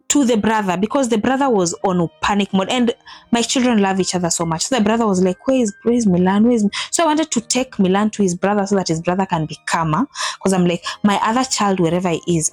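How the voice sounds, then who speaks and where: A woman in her thirties tells a personal vlog story in an animated way, acting out what people said with big jumps in her voice. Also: no echo. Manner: animated, acts out quotes with big pitch jumps. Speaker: vlogger telling a personal story. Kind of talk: emotional storytelling to camera.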